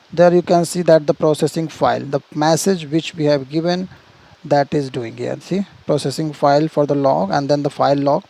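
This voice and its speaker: In a screen-share programming tutorial, a man walks through the steps one by one, often restarting his sentences and checking in with "see" and "right?". His voice is fairly high with a darkish tone, and the audio quality is poor.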